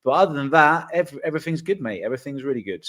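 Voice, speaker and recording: A man's voice: a little high, expressive, rapid-fire, fairly bright tone. Chatty laughing Englishman on a show. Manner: chatty, laughs often, many fillers and restarts. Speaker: guest co-host, Spain-based channel creator. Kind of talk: casual banter between two hosts.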